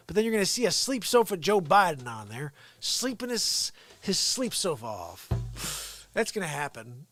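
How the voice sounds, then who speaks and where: A man's voice: sits high, very animated, normal speed, a bit bright. A man hosting a daily livestream, ranting sarcastically and animatedly about politics from home. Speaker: livestream host. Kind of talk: unscripted political rant.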